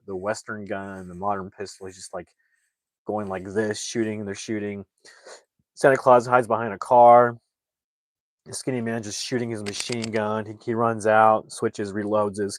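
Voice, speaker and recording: A man's voice: fairly low pitch, no echo. A man casually recapping a movie plot as a reviewer, rambling loosely with many filler words. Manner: rambling, heavy use of "like" fillers.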